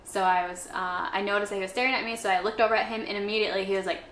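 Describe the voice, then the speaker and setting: A woman's voice: medium pitch, steady tone, very fast, fairly bright tone, slight background noise. A woman co-hosting a travel podcast tells stories in a casual, conversational way. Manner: conversational storyteller, casual fillers. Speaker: podcast co-host. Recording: echoey room, faint ambience.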